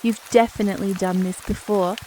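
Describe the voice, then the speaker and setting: A woman's voice: medium pitch, steady tone, fairly quick, dark tone, a little hiss or hum, natural voice, rough recording. A woman voicing a seasoned male paramedic who gives his new partner dry, wry advice in a romance sleep story. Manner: dry, advising.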